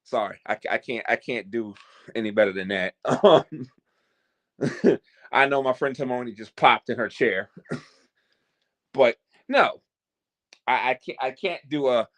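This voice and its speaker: A man's voice: mid-range voice, unhurried, long pauses, a bit bright. A man hosting his own vlog, rambling and joking with theatrical announcer-style openings. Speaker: host. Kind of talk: casual vlog chat.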